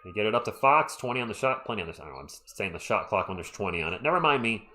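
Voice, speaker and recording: A man's voice: lowish voice, big pitch swings, rapid-fire, sharp tone. A man hosting a live stream, giving casual fan play-by-play of a basketball game and chatting with viewers between plays.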